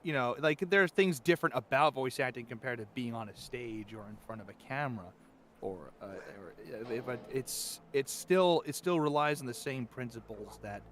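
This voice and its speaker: A man's voice: mid-range voice, moderate pace, fairly bright tone, a little hiss or hum. A voice actor talking casually in a stream interview, explaining his craft thoughtfully with frequent restarts. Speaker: voice actor guest.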